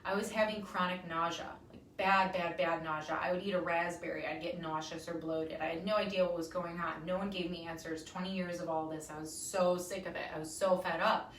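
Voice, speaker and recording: A woman's voice: fairly low pitch, fairly even intonation, fairly quick, few pauses, a bit bright, a little hiss or hum. Chatty woman speaking on a roomy live stream. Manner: chatty, emphatic, frequent ums. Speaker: wellness talk host. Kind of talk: casual live talk to viewers. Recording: roomy echo, somewhat far from mic.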